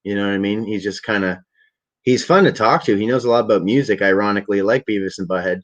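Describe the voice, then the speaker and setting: Laid-back young male vlogger, low voice, profane rambling storyteller; muffled home recording. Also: fast, a bit bright. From Ottawa area, Canada. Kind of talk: casual storytelling. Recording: dull lo-fi webcam audio.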